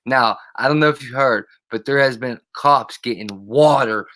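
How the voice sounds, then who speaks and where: A man running a live stream in a loose, profane rant that wanders from point to point. His voice sits at an ordinary middle pitch, and he keeps breaking off to call out to people in his chat. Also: normal speed, bright, forceful tone. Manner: profane, rambling, greets chatters by name.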